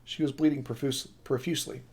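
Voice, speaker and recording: A man's voice: mid-range voice, quick pace, slightly rough. Man reading a novel aloud on stream. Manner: steady reading with occasional slips and self-corrections.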